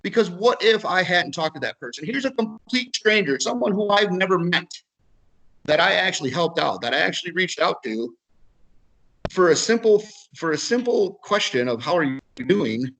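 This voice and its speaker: His high-pitched, animated voice comes through a low-quality recording at normal speed, with a fairly bright tone. A man with an Upper Midwest American accent, he gives a video webinar talk, telling a casual story where he repeats words and acts out both parties in a conversation.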